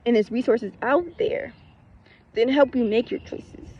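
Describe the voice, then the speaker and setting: A woman's voice: fairly high pitch, measured pace, slightly rough, lo-fi sound. A woman in a casual spiritual talk, blunt and emphatic, who swears, repeats her points and keeps breaking into laughter. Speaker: spiritual content creator.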